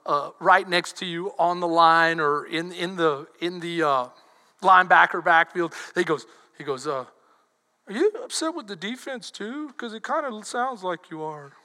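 A man, preaching a sermon as pastor, animated and shouting out the scripture he quotes. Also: on the high side. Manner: animated, switches to shouting when quoting. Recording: long hall reverb.

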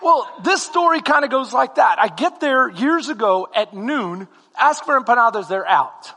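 Male pastor, very high voice, bright and forceful tone, animated comic storytelling, long hall reverb. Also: normal speed. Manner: animated, comic, bursts into shouting. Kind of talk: humorous storytelling sermon.

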